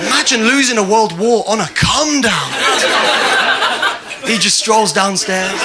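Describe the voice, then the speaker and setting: A man's voice: high-pitched, normal speed, a loud crowd. A man doing a stand-up routine, rambling and chatty with plenty of swearing. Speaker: stand-up comedian. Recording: loud audience and hiss. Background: laughing audience.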